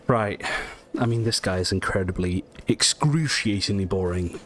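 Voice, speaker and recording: A man with a fairly low voice chats his way through a video game playthrough. He rambles, jokes at his own expense and trips over words, then corrects himself. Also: moderate pace, a bit bright, slight background noise. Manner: rambling, chatty, self-deprecating, stumbling over words. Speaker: gameplay commentator. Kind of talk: casual let's-play commentary.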